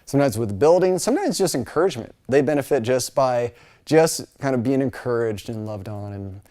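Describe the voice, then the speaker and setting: A man's voice: mid-range voice, lively intonation, a little fast, warm tone. A middle-aged man from the United States giving a casual, chatty Bible college lecture. He fills his talk with asides and fillers and now and then mimics other people's voices.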